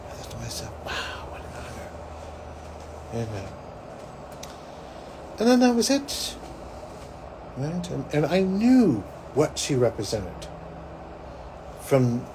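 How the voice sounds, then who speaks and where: A man's voice: medium pitch, noisy background. A man hosting a psychic show, telling a story in a rambling, casual way, full of "like" and "you know". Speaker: psychic host.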